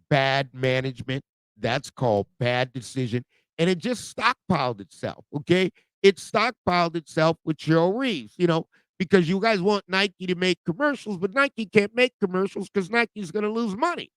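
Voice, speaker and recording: Podcast host, male, impassioned sports monologue, lively swings in pitch, smooth clear tone, dry close sound. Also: normal speed, dry recording, rough recording. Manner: passionate, emphatic, repeats "okay?" and "right?".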